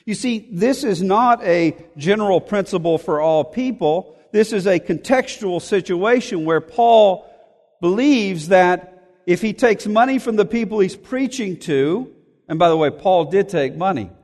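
A male preacher with a fairly high voice works through a scripture passage verse by verse. He reads each verse aloud, then explains it and hammers key phrases through repetition. His voice rings out with a long reverb, as if he is speaking in a large hall. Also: lively intonation, measured pace, a little mellow. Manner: emphatic, repeats key phrases for effect. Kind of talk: expository sermon.

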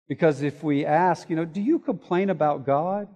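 A man preaching an expository sermon, explaining word meanings and reading scripture aloud, moving between loud emphasis and quiet asides. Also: on the high side, normal speed, hardly any pauses. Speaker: pastor. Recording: hall reverb.

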